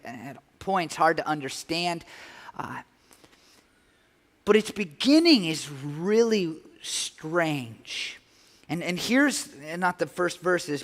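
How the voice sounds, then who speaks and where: Pastor de voz aguda num salão ecoante. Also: male voice, on the high side, fairly bright tone. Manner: conversational, earnest, many restarts. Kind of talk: sermon. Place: church sanctuary. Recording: long church hall reverb.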